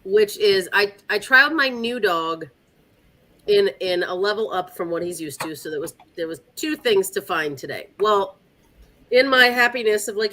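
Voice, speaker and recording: A woman dog trainer hosting a casual chat, telling stories animatedly and acting out her dog's thoughts. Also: medium pitch. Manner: animated storyteller, acts out her dog's voice with giggles. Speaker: dog trainer and podcast host.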